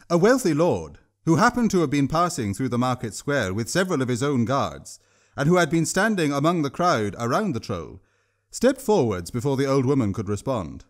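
A man narrating his own audiobook story in a steady storytelling manner. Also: mid-range voice, normal speed. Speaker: author and narrator.

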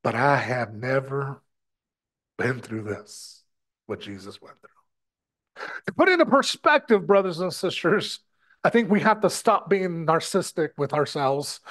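Male preacher, heated sermon delivery with stumbles and repeats, voice rising and falling a lot. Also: sits high. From United States. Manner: impassioned, repeats words, addresses brothers and sisters.

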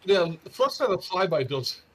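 Excitable young-sounding gamer guy. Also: high-pitched, moderate pace. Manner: excitable, stammers and repeats words. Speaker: gamer playing co-op. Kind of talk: casual game chat.

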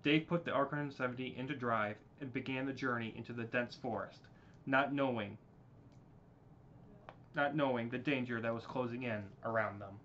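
A man's voice: mid-range voice, steady tone, normal speed, fairly bright tone, slight background noise. A man narrating a homemade story, reading with stumbles and restarts on a dull lo-fi recording.

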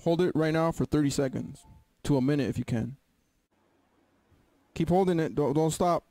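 A man's voice: fairly high pitch, normal speed, dark tone. A man hosting a video chat, playing drums for strangers and coaxing them in a friendly, upbeat way. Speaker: drummer and video host. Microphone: video call.

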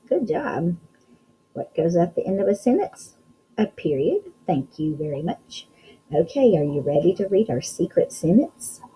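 A woman's voice: lowish voice, lo-fi sound, slight background noise. A young woman teaching a recorded phonics lesson to young children, sounding out letters and praising often. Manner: encouraging, sounds out letters slowly, frequent praise. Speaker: kindergarten teacher.

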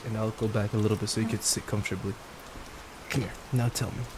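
A young man in a whispered role-play as a boyfriend, gentle, affectionate and reassuring, speaking into a desk microphone at home. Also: lowish voice, flat delivery, fast talker, background noise. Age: young adult. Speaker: ASMR creator. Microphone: desk microphone at a gaming setup.

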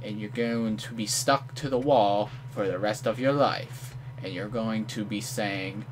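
Slow-talking man yelling at a shooter game. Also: fairly low pitch, fairly even intonation, slight background noise. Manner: playful trash talk with sudden outraged yells. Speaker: gamer commentator. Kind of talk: live gameplay commentary.

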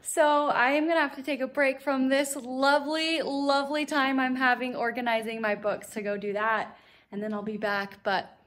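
A woman's voice: sits high, level tone, moderate pace, a bit bright. Chatty giggly young woman vlogger. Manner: chatty, giggly, full of fillers. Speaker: book vlogger. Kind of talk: casual vlog chat. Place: home library room.

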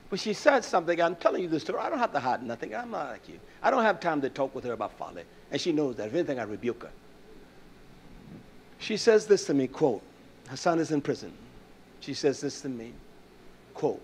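A man preaching a sermon in a fiery, scolding style that drops to a quiet, storytelling voice. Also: a little high, big pitch swings, brisk, slight background noise.

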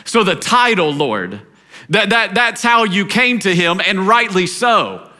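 A pastor from Tennessee, preaching a sermon with passion, swinging from shouted climaxes to low, quiet appeals. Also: male voice, sing-song, measured pace. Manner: impassioned preaching, rising to shouts and dropping low.

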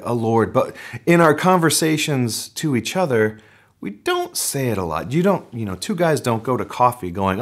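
A male pastor preaching a sermon in a lively, conversational way, his voice climbing on the points he stresses. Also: moderate pace. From North America. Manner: animated preaching, pitch rising on emphasis.

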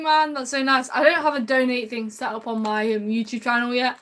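A woman's voice: on the high side, level tone, a little fast, a bit bright. A woman streaming gameplay live, chatting with viewers in an upbeat way and calling them man and bro. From United Kingdom.

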